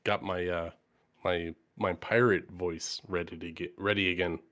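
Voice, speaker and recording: A woman's voice: rumbling low, steady tone, measured pace, a bit bright. A woman chatting casually as a player in a tabletop game, with a joking, teasing way of talking.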